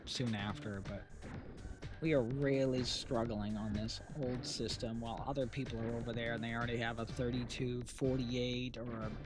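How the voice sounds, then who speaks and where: A man's voice: medium pitch, level tone, moderate pace. A man who runs a stream chats casually and rambles as he vents to his viewers, often restarting his sentences. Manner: rambling and venting, with frequent restarts. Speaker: streamer running an AI VTuber channel. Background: music playing under the talk.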